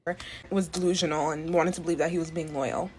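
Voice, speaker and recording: A woman's voice: deep voice, steady tone, fast, darkish tone, husky. A woman giving gossipy commentary in a social media clip, incredulous and chatty. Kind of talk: quick opinion commentary.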